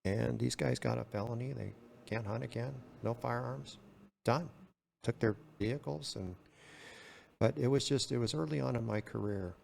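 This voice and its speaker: A man's voice: mid-range voice, moderate pace, creaky, darkish tone, a little hiss or hum. An older retired man telling stories in a casual way and acting out both sides of the dialogue. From California. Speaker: retired game warden, podcast guest. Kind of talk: casual storytelling.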